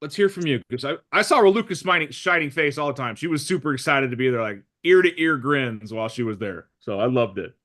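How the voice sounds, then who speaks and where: A man's voice: mid-range voice, a little fast, hardly any pauses. A man hosting a casual group recap, joking and asking the group questions. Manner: lively, joking, asks lots of questions. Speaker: group discussion host.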